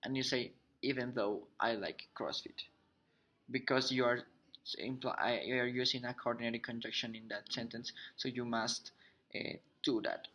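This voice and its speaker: Halting young man, Spanish native speaker. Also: medium pitch, steady tone, sharp tone. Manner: halting, many fillers and restarts. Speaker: English learner presenting. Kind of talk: student summary on a video call. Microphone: video call.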